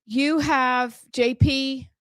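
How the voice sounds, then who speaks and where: A woman's voice: high-pitched, fairly even intonation, a bit bright, smooth, no echo. A woman co-hosting a talk show, with playful, bubbly banter. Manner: bubbly, playful, quick to laugh. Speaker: radio show co-host. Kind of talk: casual morning-show banter.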